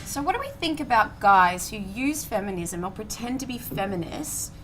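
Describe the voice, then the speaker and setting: A woman's voice: medium pitch, expressive, moderate pace, over loud music. A woman moderating a casual panel chat, asking questions and offering brief encouragement.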